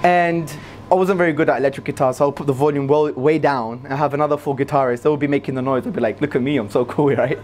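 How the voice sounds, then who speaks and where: A man giving an energetic religious lecture to a live audience, repeating key phrases for emphasis. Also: fast, a little hiss or hum. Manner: swings between loud high emphasis and low asides. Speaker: Islamic lecturer.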